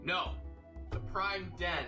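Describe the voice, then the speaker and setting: A woman's voice: fairly low pitch, slow pace, recorded from a distance, music in the background, pitched above the performer's own voice. A game master voicing a stern female captain who gives clipped, commanding orders.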